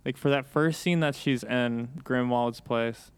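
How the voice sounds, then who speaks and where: A man's voice: medium pitch, unhurried, clean tone, dry recording. Casual swearing male podcast co-host. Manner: casual, swears freely, jokey. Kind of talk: casual chat.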